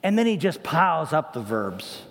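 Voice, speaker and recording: A man's voice: fairly high pitch, very animated, normal speed, long reverb tail. A middle-aged man preaching a sermon as pastor, conversational, with frequent asides and tag questions.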